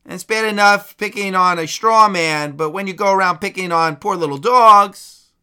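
A man's voice: high-pitched, moderate pace, sharp tone, smooth. A man voicing a prim young girl scolding someone.

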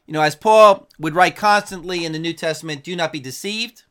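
A man with a fairly high voice preaches in earnest, pressing his points home. He reads out verses and quotes in a steady, emphatic delivery. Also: a little fast, smooth. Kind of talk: sermon with scripture and news quotes.

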